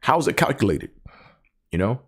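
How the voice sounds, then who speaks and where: A man's voice: mid-range voice, very animated, normal speed, a bit bright, husky. A man hosting his own show, talking casually and rambling about stuttering, with many fillers, repeated words and the stutter he lives with. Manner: person who stutters. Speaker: podcast host. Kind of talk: casual solo chat.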